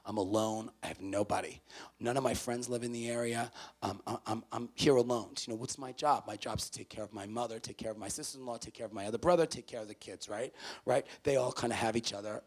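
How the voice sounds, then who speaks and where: A man speaking as a motivational speaker to a college audience. He is emphatic and repeats his key phrases, swinging from loud to hushed. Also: mid-range voice, quick pace. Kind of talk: motivational talk to students. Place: college event before a student audience.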